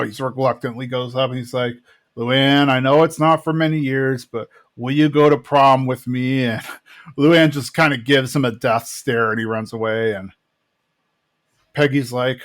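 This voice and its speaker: A man co-hosting a podcast, casually retelling scenes and quoting characters in a relaxed chat. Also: medium pitch, measured pace. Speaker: podcast co-host. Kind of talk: casual chat recapping a TV episode.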